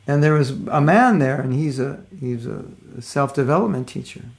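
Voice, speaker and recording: An older man teaching a relaxed spiritual class, telling stories and acting out the voices of people in them. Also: medium pitch, normal speed, creaky. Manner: conversational storytelling, acts out voices of people in his stories. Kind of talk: casual devotional lecture.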